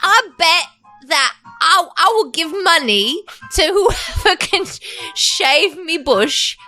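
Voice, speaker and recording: A woman's voice: very high voice, animated, slow pace, pushed and bright, soft background music, voice pushed up, heavily acted. A woman voicing a brash pie-shop owner with a put-on cockney accent, in a live improv comedy show. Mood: brash scheming. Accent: put-on London cockney. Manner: brash, slangy.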